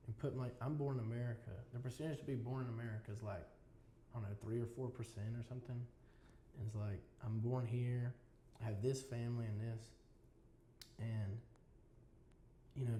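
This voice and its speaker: A man's voice: medium pitch, dark tone, a little hiss or hum. A man as a podcast guest, talking in a casual interview with earnest, reflective storytelling. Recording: roomy echo with faint ambience.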